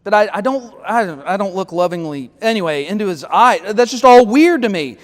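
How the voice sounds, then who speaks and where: Male pastor with a high voice, dry sarcastic teaching style, church hall reverb. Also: expressive, moderate pace. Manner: wry, critical, reads lyrics aloud with sarcastic asides. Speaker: pastor leading Bible study. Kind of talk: Bible study teaching.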